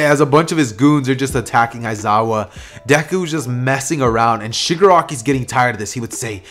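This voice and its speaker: A man's voice: medium pitch, moderate pace, fairly bright tone. A man casually narrating a fan-made what-if story, rambling and thinking aloud, correcting himself as he goes. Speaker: YouTube storyteller.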